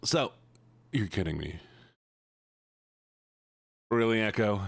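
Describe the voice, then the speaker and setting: A man's voice: on the low side, animated, slow pace, gravelly, breathy edge, dry recording. A man streaming live and chatting casually with his chat, playful, with mumbled hums between lines.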